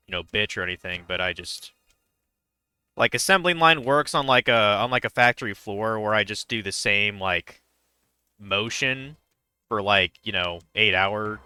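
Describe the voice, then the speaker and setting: A man's voice: on the low side, bright, forceful tone, clean tone, dry recording. A young man streaming a game, chatting casually in a rambling, hesitant way with many fillers. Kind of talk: casual chat while gaming.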